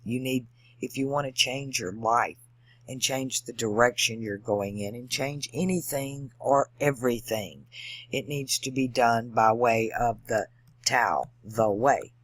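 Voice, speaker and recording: A man's voice: medium pitch, a little slow, fairly bright tone, no echo. A man talking to camera in a rambling monologue, digressive and emphatic, stopping to spell words out letter by letter. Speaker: video channel host. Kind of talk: rambling monologue on language and esoterics.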